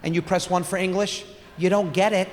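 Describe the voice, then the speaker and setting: A man's voice: high voice, fairly even intonation, brisk. A man doing a brash, profane stand-up routine. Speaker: stand-up comedian. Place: comedy stage. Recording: echoey hall, faint ambience.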